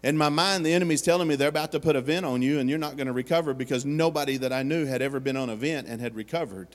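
A man's voice: mid-range voice, very fast. A man preaching a sermon as pastor, speaking in an earnest storytelling manner and acting out the voices he quotes. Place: church sanctuary. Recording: long hall reverb.

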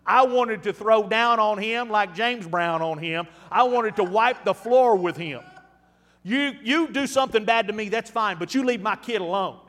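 A man in his fifties preaching a storytelling sermon, folksy and animated, with frequent restarts. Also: high-pitched, normal speed, in a large hall. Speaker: pastor.

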